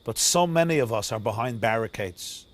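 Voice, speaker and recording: Dramatic storytelling rabbi. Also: male voice, medium pitch, expressive, moderate pace. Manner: dramatic, swinging between loud and hushed, Yiddish and Hebrew words mixed in. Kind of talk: sermon storytelling. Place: outdoors near a forest.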